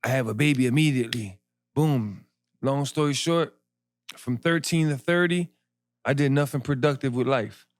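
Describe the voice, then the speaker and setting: A man, a podcast guest telling his story in animated street slang. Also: medium pitch, moderate pace, no room sound, studio quality. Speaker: podcast guest, clothing brand founder. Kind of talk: casual interview storytelling.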